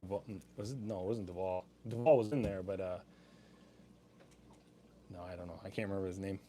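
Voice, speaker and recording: A man's voice: sits low, fairly even intonation, fairly quick, mellow, slight background noise. A young man hosting a live-stream sale, chatting casually with easy laughs and rambling asides.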